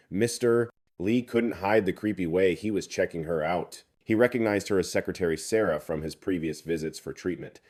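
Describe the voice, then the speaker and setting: A man's voice: deep voice, normal speed, few pauses, a little mellow. A man narrating a comic recap in a chatty, slangy scripted storytelling manner.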